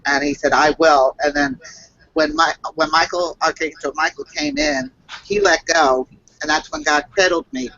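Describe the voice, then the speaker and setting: A woman who works as a psychic reader tells a personal story on a video call, halting and earnest, with many fillers and restarts. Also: sits low, expressive, vocal fry, sharp tone, dull audio.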